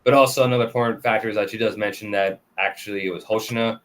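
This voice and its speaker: A man casually recapping anime episodes for a review show, talking loosely with lots of fillers and quick laughs. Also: fairly low pitch, fairly even intonation, fairly bright tone. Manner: loose and chatty, full of "like" and "kinda", laughs often.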